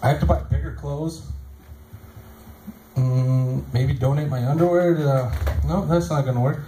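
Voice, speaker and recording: A man's voice: a little high, fairly even intonation, measured pace, mellow. Profane man doing stand-up. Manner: crude, profane storytelling with acted quotes. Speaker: stand-up comedian. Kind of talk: stand-up comedy set. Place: small comedy club stage. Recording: echoey club with audience noise.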